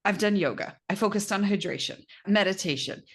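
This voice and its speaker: A middle-aged woman co-hosting a podcast, telling stories in a casual, animated chat, often quoting herself and laughing. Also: medium pitch, a little fast. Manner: animated storytelling with laughs and quoted asides. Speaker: podcast co-host.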